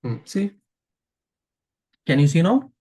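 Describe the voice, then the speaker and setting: A man with an Indian English accent leads a live online coding lesson over a video call. His voice sits a little high. He keeps asking his students questions and then answers them himself. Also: big pitch swings, slow, a little mellow. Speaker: programming instructor.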